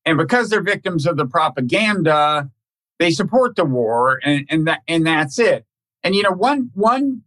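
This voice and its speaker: A man hosting a podcast conversation, talking in a halting, thoughtful way with many restarts and repeated words. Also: on the high side, fairly bright tone. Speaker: podcast host. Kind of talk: casual conversational interview.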